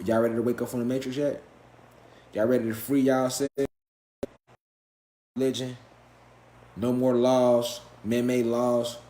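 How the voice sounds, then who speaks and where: A man's voice: fairly low pitch, echoey room, slight background noise. A man giving a spiritual lecture to a live class, emphatic and profane, firing rhetorical questions and answering them himself. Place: lecture room with a live audience.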